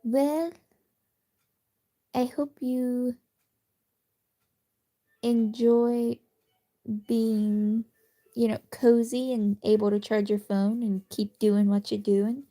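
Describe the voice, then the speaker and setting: A woman chatting casually on a late-night phone livestream from her bed, rambling and self-deprecating, sometimes dropping to a soft whisper. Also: a little high, steady tone, extremely slow, long pauses. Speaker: streamer. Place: cozy bedroom at night.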